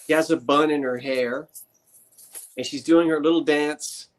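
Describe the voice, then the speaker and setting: Man, live auction host, chatty, rambling, joking asides, slightly high voice. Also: fairly even intonation, measured pace. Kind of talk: live-stream auction patter.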